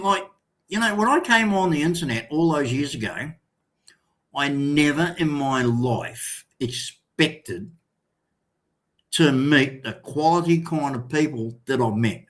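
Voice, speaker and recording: A man's voice: mid-range voice, fairly bright tone. An older Australian man hosting a casual live stream, rambling and swearing, calling viewers mate and son.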